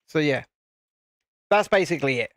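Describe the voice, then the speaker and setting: A man's voice: on the high side, lively intonation, moderate pace, fairly bright tone, dry recording. Chatty British man hosting a stream. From United Kingdom. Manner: chatty, rambling, reads viewer chat aloud. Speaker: livestream host. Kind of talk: casual live stream chat while building. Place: home streaming setup with cameras and lights.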